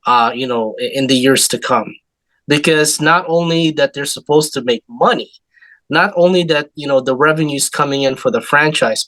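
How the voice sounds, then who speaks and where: A man's voice: a little high, a bit bright, no room sound. A man co-hosting a sports talk show, talking hesitantly and restarting and repeating his words.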